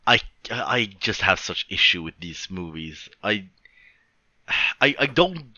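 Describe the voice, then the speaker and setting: A man co-hosting a casual film review podcast, thoughtful and halting as he talks. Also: low-pitched, very animated, pushed and bright, dry recording, lo-fi sound. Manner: thoughtful, halting, restarts often. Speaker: podcast co-host.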